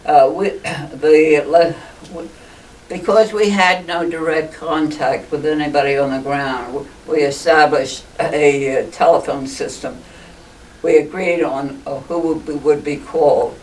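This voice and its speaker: A woman's voice: sits low, fairly even intonation, unhurried, a little mellow. An older woman telling stories in a group interview, chatty and laughing often. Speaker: interviewee, ballooning pioneer. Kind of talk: casual storytelling interview. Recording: distant mic with faint noise.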